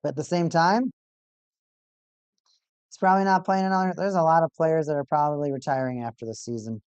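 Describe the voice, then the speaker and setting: A streamer casually commenting on a live hockey game for a watch party, getting excitable over goals and repeating stats aloud. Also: mid-range voice, fairly quick, clear, resonant tone, dry recording. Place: home streaming setup.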